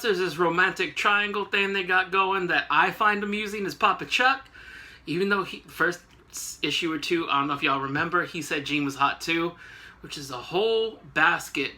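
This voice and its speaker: Brief: male host, casual rambling comic recap, joking asides, very bright sharp tone. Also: a little high. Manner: rambling, joking, many fillers.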